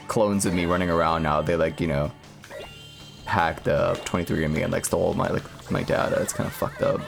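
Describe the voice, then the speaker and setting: A man streaming a game and chatting casually, rambling with lots of filler words and deadpan jokes. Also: low-pitched, gravelly. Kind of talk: casual gaming stream chat.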